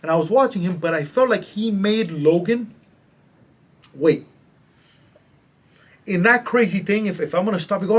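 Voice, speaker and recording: Brief: fairly high-voiced man, podcast guest coach, lively storyteller with street slang. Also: normal speed, long pauses. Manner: animated, slangy, acts out quotes. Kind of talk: casual storytelling in a podcast interview.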